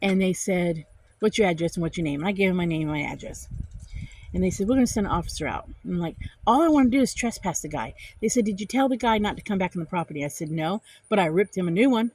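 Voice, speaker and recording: A woman's voice: fairly low pitch, fast talker. Indignant woman telling a story. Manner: animated, indignant retelling with repeated phrases. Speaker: vlogger. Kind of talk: casual storytelling vlog.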